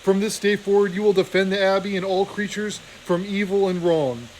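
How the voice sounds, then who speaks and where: A man reading aloud, voicing an old male abbot mouse who is dying, gentle and fatherly. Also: high-pitched, steady tone, normal speed, a little hiss or hum, natural voice, low-quality recording. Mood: tender.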